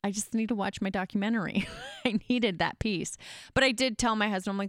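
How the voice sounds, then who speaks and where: A woman's voice: fairly low pitch, steady tone, moderate pace, gravelly, no echo, clean studio sound. A woman hosting a podcast, chatting openly and candidly into a microphone, telling stories with many fillers. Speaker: podcast host. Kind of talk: casual candid chat.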